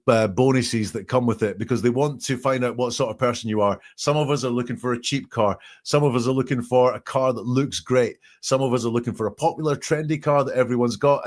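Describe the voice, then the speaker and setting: A man talks through a recorded call on a live podcast, reading out quotes and then picking them apart. His delivery is conversational and easygoing, with the odd filler as he thinks aloud. His pitch sits right in the middle for a man. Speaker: podcast host analysing a 911 call.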